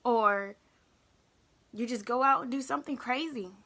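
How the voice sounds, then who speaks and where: A young woman talking openly in a personal vlog, halting and emotional, often repeating herself. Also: on the high side, fairly bright tone. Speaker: vlogger.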